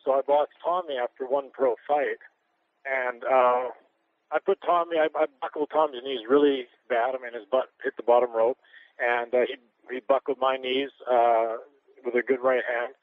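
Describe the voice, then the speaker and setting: Over a tinny phone line on the radio, a former pro boxer with a mid-range, steady voice tells frank anecdotes at normal speed. He rambles, restarts, and chuckles through the interview.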